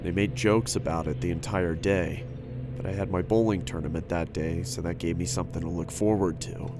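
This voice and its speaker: Man narrating first-person horror story, steady earnest tone, lowish voice, music underneath. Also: brisk. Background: background music.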